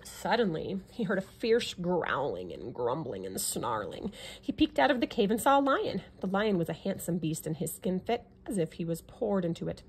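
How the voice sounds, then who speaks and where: A woman reading a classic children's picture book aloud in an expressive storytelling manner. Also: fairly low pitch, normal speed, a little hiss or hum.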